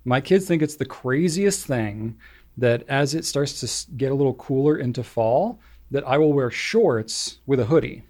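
A man's voice: medium pitch, lively intonation, normal speed, a little mellow. A man co-hosting a podcast in casual chat, rambling along with lots of filler words. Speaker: podcast co-host.

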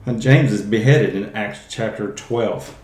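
A man's voice: lowish voice, a little slow, darkish tone, reverberant. A man hosting a casual Bible teaching podcast, talking conversationally and often restarting his phrases. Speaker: podcast host.

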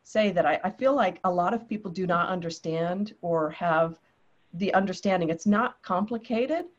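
A heartfelt woman with a fairly low voice reflects aloud in a panel discussion, thoughtful and sincere. The audio is dull and lo-fi. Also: normal speed. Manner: heartfelt, reflective, quotes others in lively voices.

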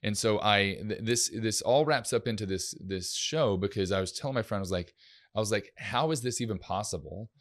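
Low-voiced man hosting a chat. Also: a little fast. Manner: relaxed, rambling, fillers and restarts. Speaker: podcast host, youth minister. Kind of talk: casual faith-based parenting chat.

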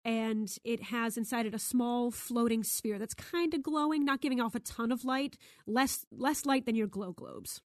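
A woman runs a tabletop game, describing objects and places in brisk, lightly amused narration. Her voice sits a little high, and the recording is dry and close, with no room sound. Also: no echo. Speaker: game master.

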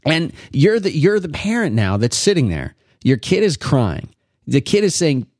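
A man's voice: mid-range voice, sing-song, moderate pace, a little mellow, no echo, clean studio sound. A father telling a rambling parenting anecdote in casual podcast chat.

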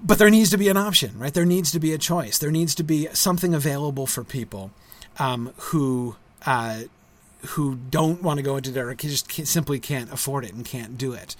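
During a casual livestream, a middle-aged school founder chats with viewers in a medium-pitched voice. Fillers and restarts keep breaking up his speech, and he regularly ends his points on a tag question.

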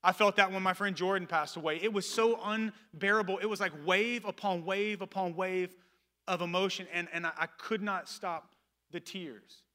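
A man in his thirties, a pastor preaching a sermon in a church, moving between loud emphatic calls and soft, low asides. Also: fairly even intonation, moderate pace. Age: 30s.

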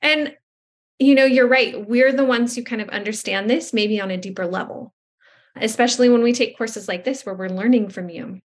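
This woman's voice is fairly high-pitched and moves at a moderate speed. She's a podcast host and speech-language pathologist from Southern California, conducting a conversational interview in which she chats and rambles through a story about her job as a speech therapist.

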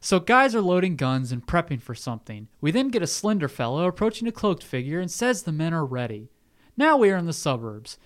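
A man's voice: on the high side, very animated, fairly quick. A man hosting a casual podcast, reading out a movie plot summary with jokey asides. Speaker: podcast host. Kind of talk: casual movie recap chat.

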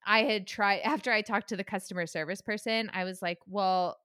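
Young woman, casual storytelling, animated, swears, bright tone, dry recording. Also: mid-range voice, fairly quick, smooth, no echo. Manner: animated retelling with acted quotes, swears, laughs often.

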